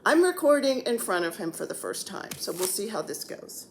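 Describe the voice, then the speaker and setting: Lively, chatty woman in her sixties. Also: medium pitch, normal speed, slight background noise. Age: 60s. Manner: chatty, rambling, jokey. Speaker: cross-stitch vlogger. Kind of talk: casual chat. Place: at home, seated on the floor.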